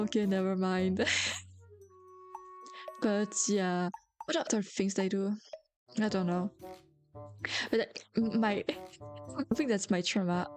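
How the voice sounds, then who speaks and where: Young woman vtuber just yapping, french native, lots of likes and little laughs, mid-pitched voice. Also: darkish tone. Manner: rambling and chatty, heavy filler words, giggly. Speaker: VTuber streamer. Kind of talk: casual chat stream.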